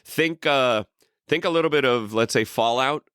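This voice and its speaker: Male podcast co-host: bright, dry sound, rambling and profane. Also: mid-range voice, normal speed, smooth, dry recording. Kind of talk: casual chat.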